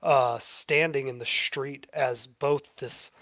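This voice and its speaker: A man narrating a tabletop game as game master, in a relaxed, casual way. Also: medium pitch, slow pace, no room sound, studio quality.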